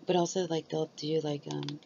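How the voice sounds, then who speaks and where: A woman's voice: sits low, level tone, moderate pace, vocal fry, mellow, lo-fi sound, a little hiss or hum. A woman vlogger chatting casually and rambling. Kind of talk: casual chat about ASMR.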